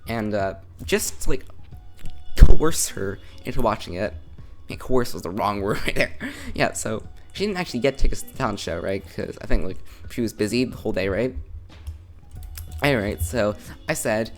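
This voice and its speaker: A man's voice: fairly low pitch, expressive, moderate pace, faint music behind. A teenage boy rambling through a live gameplay commentary from his desk, giggling and tagging "right?" onto his sentences. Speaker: gaming channel host.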